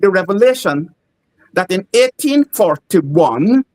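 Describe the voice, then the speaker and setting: A Guyanese playwright with a Guyanese accent, telling animated stories in an interview and acting out the voices of the people in them. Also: male voice, high-pitched, takes it slowly, rough recording. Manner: animated, acts out quoted voices. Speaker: playwright guest. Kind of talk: interview storytelling.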